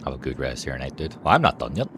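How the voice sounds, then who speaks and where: A man's voice: very deep voice, big pitch swings, very fast, noisy background. A man chatting casually and swearing while he and a friend set up a live stream. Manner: swearing, teasing, laid-back banter.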